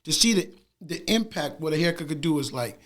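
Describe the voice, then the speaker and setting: Casual male podcast guest with a high voice, lively and quick to laugh. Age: adult with wife and two sons. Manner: animated, laughing storyteller with slang fillers. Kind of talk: casual interview chat.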